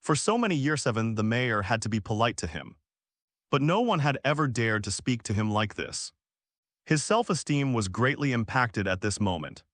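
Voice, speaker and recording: A man narrating a translated web novel as an audiobook in a lively storytelling way. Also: mid-range voice, moderate pace, dry recording, studio quality.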